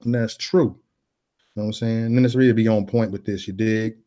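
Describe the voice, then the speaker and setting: A man delivering a preachy, freewheeling monologue, repeating his phrases in a sermon-like cadence and mixing in casual slang, swinging from loud declarations to mumbled asides. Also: lowish voice, fairly even intonation, fairly quick. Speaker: political vlogger. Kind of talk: preachy live-stream monologue.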